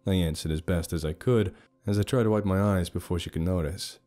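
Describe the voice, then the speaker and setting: A man narrating a first-person horror story in a steady, measured way. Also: low voice, soft background music.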